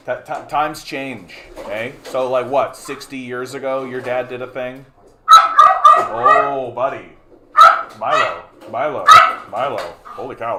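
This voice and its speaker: A man's voice: mid-range voice, background noise. A man hosting a political livestream. He talks in a heated, profane way, repeats himself and stumbles over restarts. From Canada. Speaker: livestream host.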